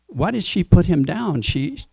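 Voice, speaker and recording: Man voicing fussy parrot, storybook sermon, complaining, slightly higher, gravelly. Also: sing-song, unhurried, a little mellow, dry recording, heavily acted, poor audio. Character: fussy, worried male parrot.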